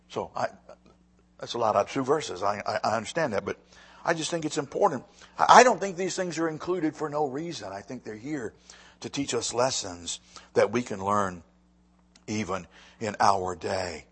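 A middle-aged man preaches as pastor in a husky voice on the high side. His delivery is animated, swinging from booming emphasis to soft asides, with words often repeated.

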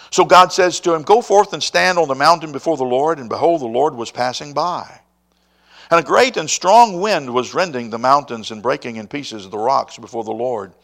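A man preaching a sermon to a congregation, rising to ringing emphasis and then dropping to a quiet hush. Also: medium pitch. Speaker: pastor.

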